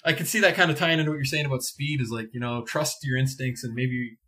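A man's voice: mid-range voice, steady tone, fast, sharp tone, breathy edge. A man hosting a casual podcast, joking and teasing as he talks. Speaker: podcast host.

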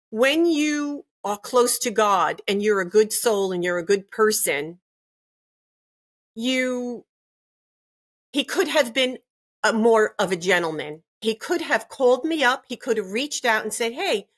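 A woman's voice: on the high side, animated, unhurried, a bit bright. An older woman and grandmother giving an interview, talking emphatically and indignantly, often repeating herself. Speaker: interview guest.

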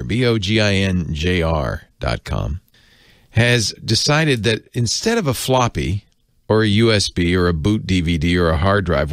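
Chatty male tech commentator, low voice, lively swings, dry close mic. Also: dry recording. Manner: chatty, jokey, does silly voices for gadgets.

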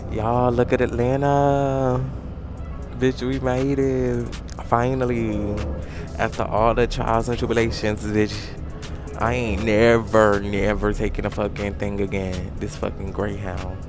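A man's voice: mid-range voice, level tone, a little slow, music in the background. A man vlogging outdoors in a parking lot by his bus, talking to the camera held at arm's length in a brash, profane, theatrical way. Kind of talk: casual travel vlog to camera.

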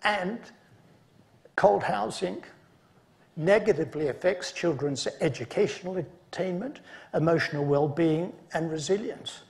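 A man delivering an academic conference lecture, his voice sitting a touch high with a gravelly edge. He speaks in a measured way and slips in dry asides between his points.

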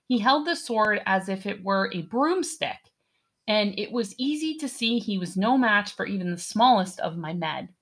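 A woman's voice: medium pitch, expressive, normal speed, natural voice. A woman reading as a stern pirate captain. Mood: reflective. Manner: curt, imperious orders. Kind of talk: audiobook character voice.

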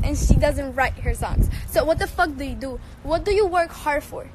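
A woman's voice: sits high, fairly quick, few pauses, heavy background noise. A teenage girl from Cuba with a Cuban Spanish accent, a Spanish speaker, ranting angrily and profanely on a livestream. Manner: angry, profane, confrontational. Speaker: singer and social media personality. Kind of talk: heated livestream rant.

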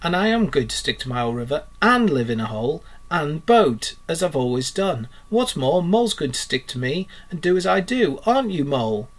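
A man's voice: a little high, big pitch swings, moderate pace, few pauses. A man voicing a stubborn, sensible male water rat who speaks doggedly and dryly. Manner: dogged, dry.

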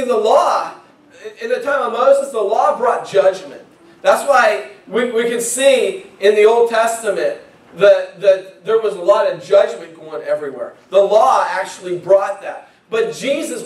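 Pastor, male, high-pitched, preaching to a congregation, heard from a distance in a roomy church. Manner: conversational, repeats words when starting phrases. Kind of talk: sermon. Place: church sanctuary. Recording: echoey church from far off.

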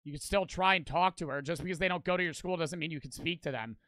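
A young man live-streaming a reaction video, chatting loosely, swearing and sometimes shouting, his voice a bit strained. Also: fairly high pitch, fast, no echo. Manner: loose, swears a lot, bursts into loud shouts. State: strained voice from screaming. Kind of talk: casual live-stream chat.

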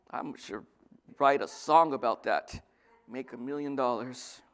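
A male pastor preaching a sermon, lively, swinging from loud bursts to soft asides. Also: medium pitch, unhurried.

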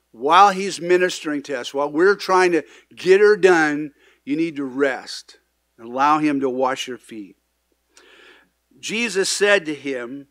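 A man's voice: fairly high pitch, no echo, studio quality. Earnest man preaching a casual sermon. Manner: conversational preaching with frequent restarts and asides; acts out quoted lines with sudden loud emphasis. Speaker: pastor. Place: church sanctuary.

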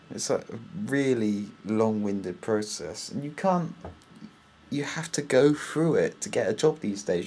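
A man's voice: on the low side, darkish tone, slight background noise. A young British man in a casual vlog monologue, rambling and exasperated as he complains. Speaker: vlogger.

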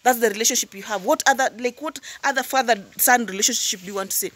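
Lady ranting on her channel, kinda high voice, keeps asking why and going huh?. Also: quick pace. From Tanzania. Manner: emphatic, fires rhetorical questions, prods with "hmm?" and "huh?"; repeats words when worked up, then drops into calmer asides. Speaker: YouTube reactor. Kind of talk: impassioned commentary vlog.

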